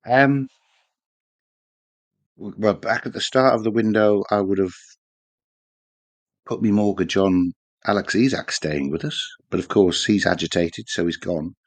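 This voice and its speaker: Bloke co-hosting a footy podcast, laid back, dry jokes, lowish voice, dead dry sound. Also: male voice, unhurried, long pauses, no room sound. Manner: relaxed and rambling, with dry asides. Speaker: podcast co-host. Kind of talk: casual football podcast chat.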